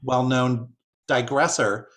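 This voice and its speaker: A man's voice: mid-range voice, fairly even intonation, takes it slowly, fairly bright tone. Musing, hesitant male translator. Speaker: translator and guest speaker. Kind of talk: discussion talk, thoughtful.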